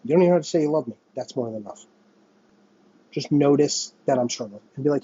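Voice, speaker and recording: Profane ranting man, husky and dull. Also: medium pitch, a little fast, dark tone, no echo. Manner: vents with heavy profanity and mocking quoted voices. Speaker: podcast host. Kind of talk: ranting monologue.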